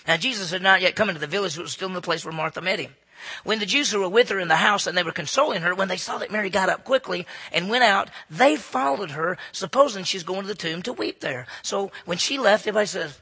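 Gravelly, raspy man preaching. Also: sits high, animated, fast. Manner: dramatic, swings between loud emphasis and hushed near-whispers. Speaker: pastor. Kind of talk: sermon, Bible teaching.

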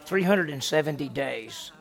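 A man with a gravelly, slightly high voice teaches a Bible lesson as senior pastor. He tells the story with animation and keeps asking his listeners questions. His delivery is lively and conversational. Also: a little slow.

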